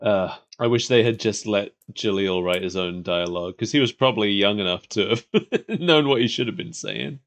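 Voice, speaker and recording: A man's voice: fairly low pitch, moderate pace, fairly bright tone. Laid-back man chatting with a laugh. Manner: chatty, laughs often, loose with fillers. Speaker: podcast co-host. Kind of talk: casual chat reviewing a cartoon.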